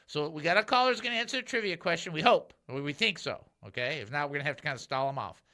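A man hosting a call-in Christian radio show, chatty and animated, laughing easily as he jumps between topics. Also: fairly high pitch, very fast.

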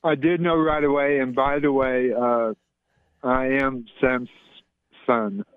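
A man's voice: medium pitch, steady tone, slow pace, smooth, no echo. A man calling in to a radio show over the phone, friendly and joking. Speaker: caller. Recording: tinny phone line.

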